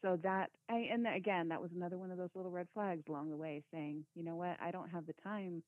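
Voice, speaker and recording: Mom on a tinny phone line. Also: female voice, on the low side, steady tone, fast talker, no echo. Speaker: podcast guest, quilter. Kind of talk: casual chat.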